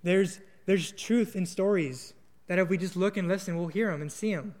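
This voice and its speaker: A man's voice: sits high, normal speed, a little mellow, big-room sound. A young man preaching a sermon, telling stories in a casual, earnest way with small restarts. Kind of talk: sermon with storytelling.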